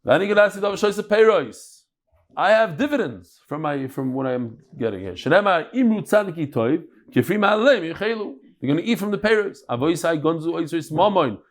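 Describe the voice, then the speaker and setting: Animated man teaching a Talmud class. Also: fairly high pitch, fairly quick, hardly any pauses. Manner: lively, chatty lecturing mixing Hebrew and Yiddish terms.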